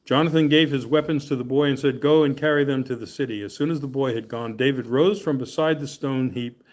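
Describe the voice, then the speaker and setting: A man at an ordinary middle pitch leads a Bible study in a loose, conversational way. He reads scripture aloud, breaks off to explain it with jokes, and keeps checking in with his class. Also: a little fast, a little mellow. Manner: chatty and joking, often laughing and checking in with "okay?". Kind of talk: casual Bible study teaching and scripture reading.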